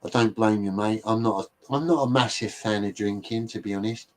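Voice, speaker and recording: A man's voice: on the low side, steady tone, a little fast, a little mellow. A man with an English accent, hosting a livestream and chatting casually with viewers in a rambling, self-deprecating way. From England. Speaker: livestream host.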